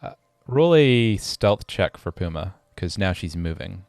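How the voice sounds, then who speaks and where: A man narrating a tabletop game as game master, in a relaxed way with frequent fillers. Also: low voice, unhurried, creaky, no room sound, studio quality.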